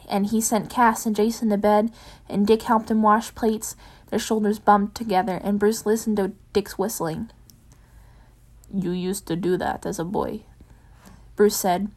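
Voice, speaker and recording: A woman reading a fan fiction chapter aloud, then chatting in an afterword with lots of ums. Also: medium pitch. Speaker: fanfiction reader. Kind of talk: audiobook narration of fan fiction.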